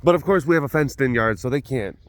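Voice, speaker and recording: A man with a medium-pitched voice talks fast as he hosts his own vlog from an animal facility. His storytelling is casual and rambling, full of fillers.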